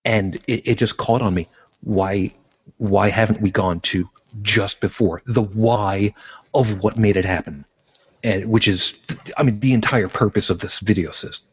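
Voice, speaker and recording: Husky low-voiced man, lo-fi. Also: measured pace. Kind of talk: casual discussion. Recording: dull lo-fi sound.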